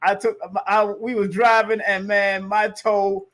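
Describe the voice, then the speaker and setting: A middle-aged male host chatting casually over a video call. His voice sits a little high for a man, and he talks in an animated, jokey way. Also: a little slow. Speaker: show host. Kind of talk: casual interview chat.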